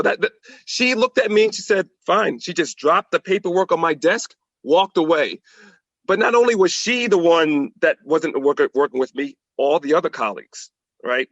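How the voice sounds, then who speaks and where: A man as a podcast guest, telling anecdotes in an animated way and acting out the quotes. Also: a little high, dry recording, lo-fi sound. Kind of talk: storytelling in a podcast conversation.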